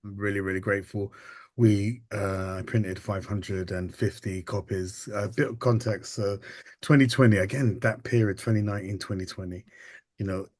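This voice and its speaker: Brief: male guest, very deep voice, dry close mic, thoughtful and halting. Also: steady tone, darkish tone, no echo. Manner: halting and reflective, many ums and restarts. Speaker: interview guest, photographer and artist. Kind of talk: casual interview storytelling.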